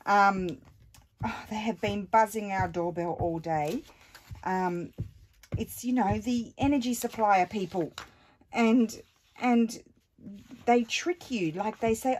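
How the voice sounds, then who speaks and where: A woman's voice: medium pitch, slow, long pauses. A woman chatting casually while making a craft at home, rambling with many ums and asides. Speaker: craft vlogger. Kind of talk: casual craft-along chat.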